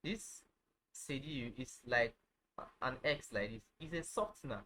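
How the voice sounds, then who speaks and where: A man teaching a casual online lesson, halting, with many fillers, who says each phrase over and over. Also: medium pitch, expressive, bright, forceful tone, a little hiss or hum, rough recording. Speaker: language teacher.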